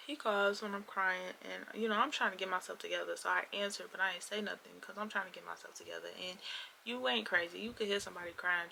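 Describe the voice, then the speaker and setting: A woman's voice: fairly low pitch, gravelly, sharp tone, slight background noise. A young woman telling a personal story on her vlog, acting out both sides of an argument with emphasis.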